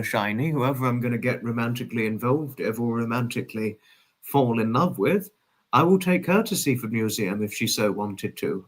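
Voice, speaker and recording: A man in the middle of his pitch range chats on his livestream, reading out viewers' names. He talks earnestly and often restarts or repeats his words. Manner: earnest, repeats himself, addresses viewers by name. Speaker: livestream host. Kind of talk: casual livestream chat reading viewer comments.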